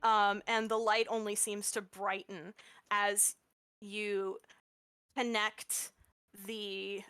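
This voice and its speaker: A woman's voice: medium pitch, flat delivery, slow pace, bright, forceful tone, clear, resonant tone, no room sound, faint music behind. A woman running a tabletop game as game master, narrating unhurriedly with plenty of fillers.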